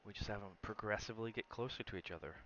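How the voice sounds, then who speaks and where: A man's voice: on the low side, very fast, sharp tone, lo-fi sound, a little hiss or hum. A man streaming from home, chatting casually with viewers, coaxing his dog and reading aloud.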